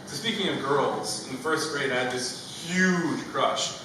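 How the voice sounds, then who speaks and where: Young male comedian, animated storyteller, recorded far off in a roomy venue with audience noise. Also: medium pitch, measured pace, few pauses. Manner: animated storytelling, acting out childhood voices. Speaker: stand-up comedian. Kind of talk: stand-up comedy set. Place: stage with a live audience.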